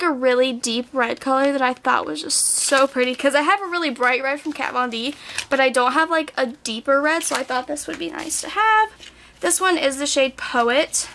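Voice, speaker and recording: A woman's voice: sits high, fairly bright tone, a little hiss or hum. A nineteen-year-old woman chatting casually in a haul video, bubbly and full of "like" fillers. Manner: bubbly, chatty, says "like" a lot. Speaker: beauty vlogger. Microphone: camera mic.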